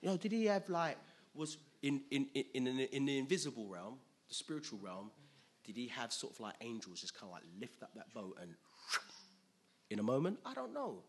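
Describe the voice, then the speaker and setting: A man preaching a conversational sermon, chatty and quick to laugh, often asking listeners if they follow. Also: medium pitch, big pitch swings, slight background noise.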